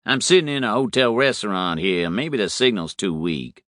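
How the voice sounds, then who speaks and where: A man voicing an exasperated businessman talking on his cell phone, raised and lively. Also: fairly low pitch, moderate pace, dry recording, clean studio sound. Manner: brash, exasperated.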